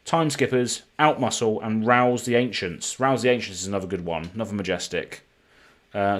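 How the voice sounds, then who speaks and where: A man with a British accent streaming live, chatting casually and reading card names aloud as he opens packs. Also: mid-range voice. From United Kingdom. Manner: chatty, reads card names in a running list.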